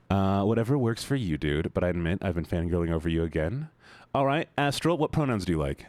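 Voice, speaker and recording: A man streaming live, chatting casually with his audience in an excitable, playful, teasing way. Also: low voice, a little fast, no room sound.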